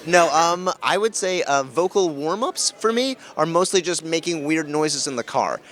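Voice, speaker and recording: A man giving a casual convention interview as a voice-actor guest, energetic and quick with jokes. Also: a little high. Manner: energetic, jokey, quick quips.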